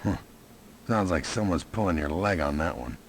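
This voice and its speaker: A man's voice: sits low, lively intonation, normal speed, a little hiss or hum. An actor playing a laid-back, sarcastic male desk officer in a 1990s adventure game, drawling his words. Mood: wry.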